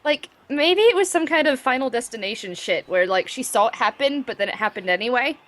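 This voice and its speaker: A woman's voice: fairly high pitch, expressive, brisk, a bit bright, no echo. A woman co-hosting a game stream, chatting casually and playfully. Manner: giggly, playful. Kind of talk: casual chat.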